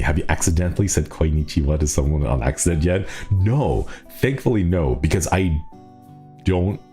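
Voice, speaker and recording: A man's voice: low voice, gravelly, darkish tone. A young man streaming, chatting casually with viewers, rambling with frequent laughs and restarts. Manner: rambling, laughs often, many restarts and fillers. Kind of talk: casual chat reading viewer comments.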